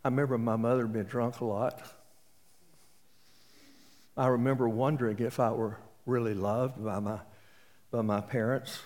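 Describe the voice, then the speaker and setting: A man's voice: medium pitch, steady tone, normal speed, pauses often, darkish tone. A man in his late seventies with an East Texas accent, preaching a sermon and telling folksy stories with jokes. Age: 70s. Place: auditorium. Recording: reverberant auditorium.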